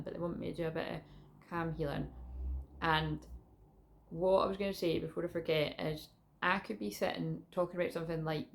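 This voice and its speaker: A Scottish woman talks straight to the camera in a loose, rambling vlog, jumping between half-finished thoughts. Her voice sits a little low, with a gravelly fry running through it. She swears casually and keeps circling back on herself. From Scotland. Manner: rambling, chatty, restarts often, swears casually. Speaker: psychic reader. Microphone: camera in front of her.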